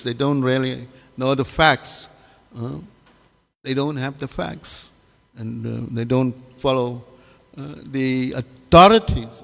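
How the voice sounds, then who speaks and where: Gravelly man teaching in a reverberant hall. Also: medium pitch, a bit bright. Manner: halting, many fillers and restarts, asks the audience questions. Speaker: scripture class teacher. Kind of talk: devotional scripture class.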